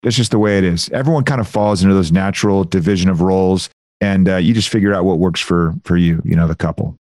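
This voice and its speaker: Male founder guest, low voice, chatty and animated, dry studio sound. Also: fast talker, no echo. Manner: animated, explanatory, lots of "like" and "you know". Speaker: budgeting software founder, guest. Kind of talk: casual interview conversation.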